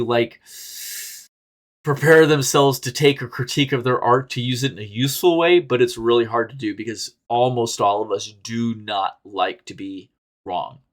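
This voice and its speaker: Casual male podcast host, mid pitch. Candid and rambling, swears freely, laughs often, swings from loud to quiet. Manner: animated, jumps between loud bursts and quiet asides. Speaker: podcast host reading and answering reader stories.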